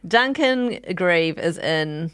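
A woman's voice: on the low side, lively intonation, slow, fairly bright tone, clear, resonant tone, dry recording, clean studio sound. A woman with a New Zealand accent hosting a casual pop culture podcast, chatty and laughing often. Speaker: podcast host.

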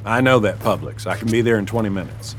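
A man's voice: lowish voice, fast talker, slight background noise, natural voice. A man voicing a casual, joking exterminator talking on the phone. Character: easygoing male pest exterminator.

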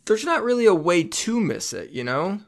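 A man's voice: high-pitched, sing-song, normal speed, gravelly. A man co-hosting a sports podcast, teasing and ribbing his partner with dry questions. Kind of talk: casual sports chat.

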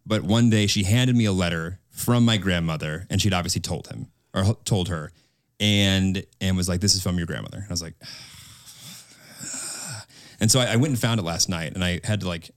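A young man with a deep voice co-hosts a casual podcast chat, telling a personal story candidly and emotionally at a moderate pace, restarting his sentences often. The audio is studio quality with no echo.

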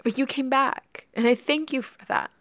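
A woman's voice: high voice, normal speed, a bit bright, no room sound, studio quality. A woman co-hosting a podcast, telling her own story in a candid, openly emotional way. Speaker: podcast co-host. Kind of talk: candid personal conversation.

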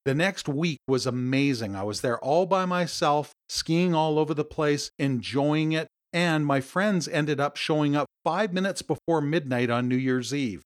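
A man's voice: a little high, a little slow, few pauses, no echo, studio quality. A Canadian man hosting a podcast interview, telling a personal story and welcoming his guest. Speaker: podcast host.

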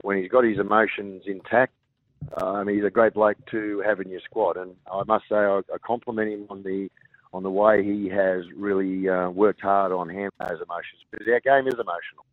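Low-voiced Australian coach on a phone line. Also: male voice, fairly even intonation, no echo. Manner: halting, many fillers and restarts. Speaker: rugby league coach. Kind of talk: radio interview over the phone.

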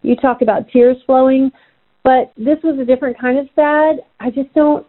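A woman's voice: high-pitched, fairly even intonation, moderate pace. A woman from Georgia leaving an earnest, unsure phone message for a podcast host. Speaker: caller. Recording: tinny phone line.

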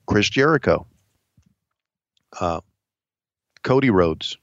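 A man hosting a podcast in casual chat, talking haltingly with many pauses and restarts. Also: on the low side, lively intonation, dry recording, lo-fi sound. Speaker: podcast host, wrestling announcer.

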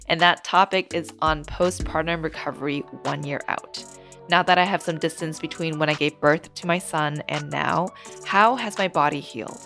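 Lower-voiced woman podcast host. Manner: chatty and expressive, dramatizing stories. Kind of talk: candid casual chat.

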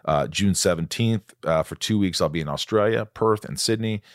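Jokey low-voiced man hosting a podcast. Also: dry recording, clean studio sound. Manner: excitable, jokey, quick to exclaim. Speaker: podcast host. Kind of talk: casual chat. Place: podcast studio. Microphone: studio microphone.

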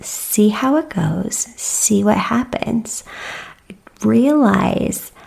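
Slow, gravelly-voiced woman podcaster. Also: on the high side, animated, a little mellow. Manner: earnest, motivational, with many fillers and restarts. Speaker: podcast host. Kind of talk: reflective solo podcast talk.

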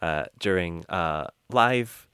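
Lively, low-voiced male podcast co-host. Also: takes it slowly, clear, resonant tone, no room sound, studio quality. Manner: laughs often, trails off into quiet asides. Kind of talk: casual chat.

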